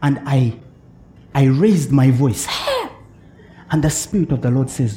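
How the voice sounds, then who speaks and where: A man's voice: medium pitch, slow pace, long pauses, a little hiss or hum. A man preaching a sermon as pastor, often checking in with his congregation and chuckling between points. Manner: animated preaching with frequent "eh?" check-ins and chuckles.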